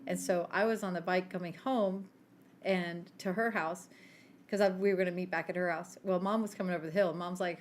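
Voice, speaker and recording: A middle-aged woman co-hosting a podcast, telling lively family stories in casual chat and laughing often. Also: lowish voice, brisk, slight background noise. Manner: animated storyteller, laughs often. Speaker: podcast co-host.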